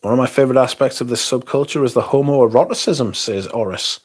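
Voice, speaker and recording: A man's voice: mid-range voice, fairly quick, a little mellow. A young man hosting a livestream, chatting casually, rambling and swearing as he reads comments aloud. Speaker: livestream host.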